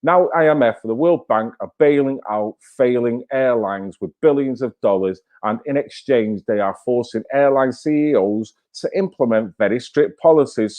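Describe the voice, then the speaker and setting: With a mellow voice of medium pitch, the host of this channel delivers casual live-stream commentary. He's blunt and worked up, cursing and firing off rhetorical questions.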